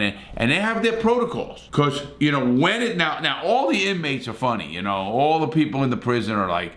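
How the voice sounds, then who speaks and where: A man's voice: mid-range voice, sing-song, a little fast, few pauses, fairly bright tone. A middle-aged man from New City, telling stories in a blunt, profane, rambling way full of restarts. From New York City. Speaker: host, former prisoner. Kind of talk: casual storytelling.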